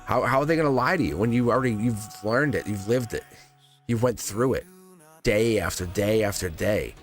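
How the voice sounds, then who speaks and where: A man's voice: on the low side, moderate pace, soft background music. A man hosting a live tarot reading in casual spiritual talk, rambling and repeating phrases, chuckling often. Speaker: tarot reader livestream host.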